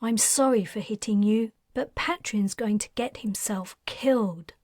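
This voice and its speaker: A woman's voice: mid-range voice, measured pace, darkish tone, no echo, studio quality, natural voice. A woman voicing a fierce mother who speaks urgently and anxiously about her son. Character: fierce desperate mother of grown children.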